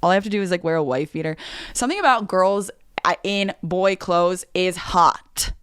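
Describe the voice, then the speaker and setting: A woman's voice: lowish voice, normal speed, a bit bright, smooth, no echo, clean studio sound. A woman in her twenties hosting a podcast, chatting casually in a giggly, rambling, self-mocking way. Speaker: podcast host. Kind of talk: casual chat.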